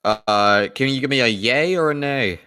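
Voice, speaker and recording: A man's voice: mid-range voice, moderate pace, pushed and bright, clean tone. A man hosting a casual livestream chat, teasing his guest. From New Zealand. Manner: teasing, sardonic. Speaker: show host.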